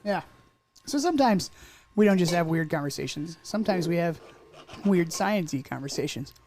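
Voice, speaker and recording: Joking, slightly higher-voiced man. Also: expressive, a little mellow, slight background noise. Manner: rambling, jokey, quick to put on silly voices. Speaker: podcast co-host. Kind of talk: casual chat.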